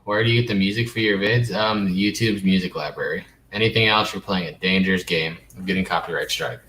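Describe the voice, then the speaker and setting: A man's voice: sits low, a little fast, fairly bright tone. A man hosting a casual live stream, rambling along and reading viewer comments aloud. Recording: echoey room with faint noise.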